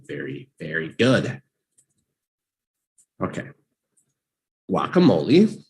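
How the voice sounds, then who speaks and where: Slow, lively man teaching vocabulary. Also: deep voice. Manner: slow and animated, drills words with repeat-after-me prompts. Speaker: English teacher. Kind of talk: live online vocabulary lesson.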